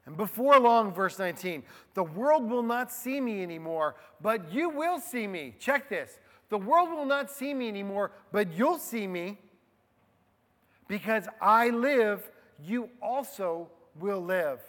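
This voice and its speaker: A man with a high voice preaches a sermon, his words ringing with a long reverb in a large hall. He talks to the men in front of him as if chatting, then drops into hushed asides or pushes hard on key words. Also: lively intonation, a little slow. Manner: swings from hushed low asides to loud emphatic stresses; conversational, addresses the men in the room.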